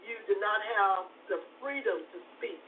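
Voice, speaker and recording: A woman's voice: mid-range voice, lively intonation, moderate pace. A woman hosting a talk show as a therapist, speaking emphatically, repeating herself and often asking if you follow. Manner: emphatic and repetitive, often asks "you know what I'm saying". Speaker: host and therapist. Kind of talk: conversational talk show discussion. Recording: phone-like audio from far off with faint noise.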